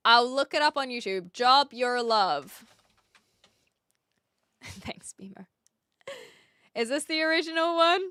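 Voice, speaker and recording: A young woman hosts a livestream, chatting casually and scatteredly with her viewers, full of fillers and restarts. Her voice sits high and sounds animated, bright, and forceful, at normal speed with long pauses. The recording is dry and studio quality.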